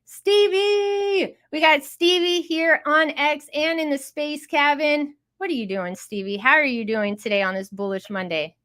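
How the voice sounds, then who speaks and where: A woman's voice: high-pitched, fairly even intonation, moderate pace, few pauses, bright, forceful tone. A woman hosting a live online audio room, hyped and chatty with lots of exclamations. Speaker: host.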